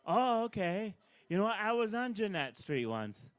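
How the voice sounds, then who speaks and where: A man doing live stand-up at an open mic, bossing an audience volunteer around with playful, deadpan asides. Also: high voice, moderate pace, clean tone. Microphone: handheld stage mic.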